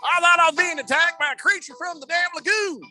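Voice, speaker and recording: A man doing an impression of a blustery old male football team owner, rambling, boastful and shouting. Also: very high voice, big pitch swings, fairly quick, faint music behind, voice pushed up. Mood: ranting.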